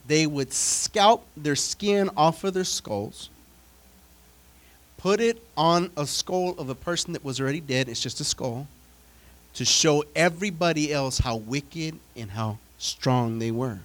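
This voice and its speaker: A pastor preaching a sermon, telling stories with dramatic swings from loud declarations to hushed asides and humorous, direct remarks to his congregation. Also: on the high side, unhurried.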